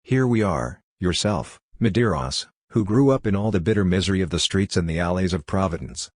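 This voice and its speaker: A man reading as a gentle, wise condemned prisoner. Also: low-pitched, animated, fairly quick, no room sound, studio quality. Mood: philosophical. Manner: gentle, soothing, philosophical. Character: wise, tender condemned older male prisoner.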